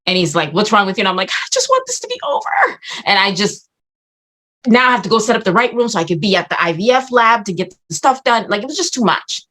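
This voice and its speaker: A woman's voice: medium pitch, fast. A woman in her forties telling a personal story candidly, swearing freely and acting out her own reactions. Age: 40s. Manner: profane, animated, acts out her own reactions. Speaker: podcast guest.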